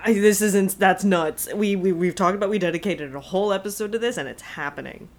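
A woman co-hosting a podcast, chatting casually and agreeing a lot with her partner. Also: mid-range voice. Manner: agreeable, quick backchannels, laughs along. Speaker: podcast co-host. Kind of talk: casual fan chat.

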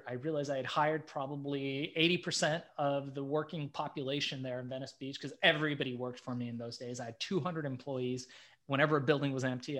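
As a guest in an interview, a middle-aged man with a medium-pitched voice shares an anecdote casually and with animation, voicing the lines he quotes.

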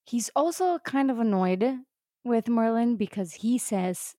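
A woman's voice: fairly high pitch, unhurried, dry recording, studio quality. A woman co-hosting a casual podcast, thinking aloud and stressing her reactions to an episode. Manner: animated, emphatic, thinks aloud. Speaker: podcast co-host. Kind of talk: casual rewatch chat.

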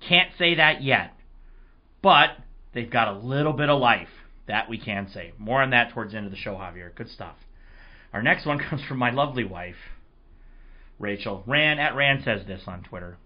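A man hosting a casual sports podcast, his voice hoarse, telling rambling, excitable stories. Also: mid-range voice, moderate pace, lo-fi sound. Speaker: podcast host.

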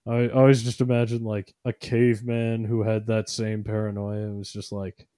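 A man, rambling and joking in a casual podcast chat and slipping into quick silly voices. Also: fairly low pitch, level tone, mellow, no echo, clean studio sound.

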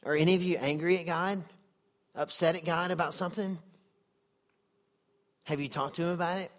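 A man's voice: a little high, fairly even intonation, normal speed. A man preaching a sermon in an earnest, conversational way, often putting questions to his listeners. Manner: earnest, conversational, asks the audience many questions.

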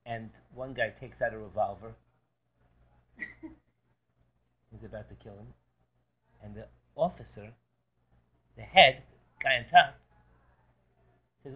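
A man's voice: medium pitch, breathy edge. A man, a rabbi, giving a Torah class, telling a story animatedly and often restarting phrases as he goes. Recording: lo-fi recording.

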